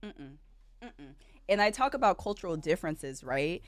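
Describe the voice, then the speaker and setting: Woman host, casual stream rant, rhetorical and animated, dry close mic. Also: fairly low pitch, moderate pace, no echo. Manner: animated ranting, rhetorical questions.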